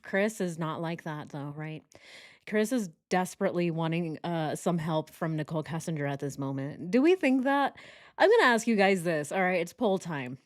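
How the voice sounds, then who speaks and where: Woman doing casual true crime commentary, jokey, laughs a lot, lower voice. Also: lively intonation, moderate pace. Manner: chatty and joking, laughs often.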